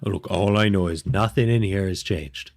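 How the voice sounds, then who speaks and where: A man's voice: low voice, moderate pace. A man voicing a panicky, paranoid male gnome king who talks in frantic, insistent bursts.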